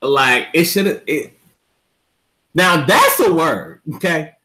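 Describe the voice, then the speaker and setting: Animated man, church-humor banter. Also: slow. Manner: animated, mimics church folks in high squeaky voices, stammering bits. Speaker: co-host.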